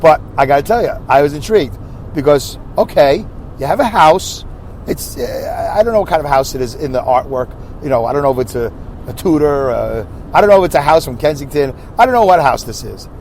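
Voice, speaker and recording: Brooklyn guy w new york accent rambling on his podcast, kinda high voice, bit of street noise behind. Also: lively intonation, a little fast, a little mellow. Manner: rambling, chatty, self-correcting with asides. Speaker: podcast host. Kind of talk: casual solo podcast chat.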